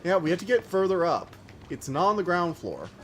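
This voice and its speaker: A man's voice: high voice, very animated, fairly quick, fairly bright tone, faint music behind. Chatty American man streaming a game. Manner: chatty, rambling, lots of "like". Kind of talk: casual let's-play commentary.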